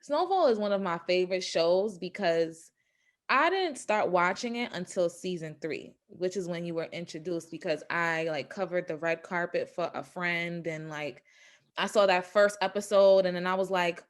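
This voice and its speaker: Chatty woman interviewer from New York. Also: lowish voice. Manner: chatty and quick to laugh. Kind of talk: casual interview chat.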